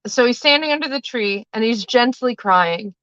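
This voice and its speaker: Bright-voiced woman chatting on a livestream. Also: on the high side, expressive, moderate pace, dry recording, dull audio. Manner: rambling, chatty storytelling with casual swearing. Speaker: livestream host and tarot reader. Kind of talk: casual live-stream chat.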